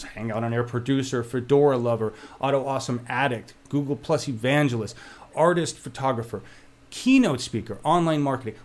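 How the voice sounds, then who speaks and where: Man, co-host, animated, jokey, opinionated, casual web chat. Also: medium pitch. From Oregon. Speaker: show co-host.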